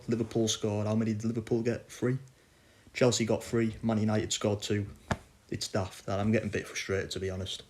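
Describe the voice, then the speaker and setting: A man's voice: on the low side, darkish tone. Frustrated man ranting. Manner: frustrated, blunt, swears. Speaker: football fan podcaster. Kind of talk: casual ranting chat.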